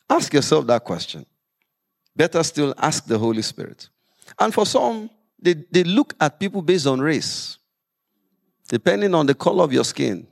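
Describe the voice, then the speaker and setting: A man preaching a sermon as pastor, lively with humorous asides. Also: on the high side, normal speed, gravelly.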